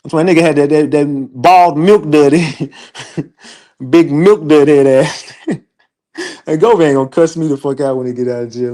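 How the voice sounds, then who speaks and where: With a fairly high-pitched voice, this man speaks at a moderate pace and leaves long pauses. He's hosting an online show, offering laid-back livestream commentary full of animated, foul-mouthed, laughing storytelling.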